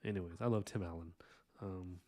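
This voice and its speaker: A man with a lowish voice talking through an art live stream in a loose, rambling way. He thanks his viewers earnestly and drifts into soft asides and fillers between thoughts about his drawing. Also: steady tone, brisk. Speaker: live-stream artist host. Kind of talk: casual live-stream chat while inking.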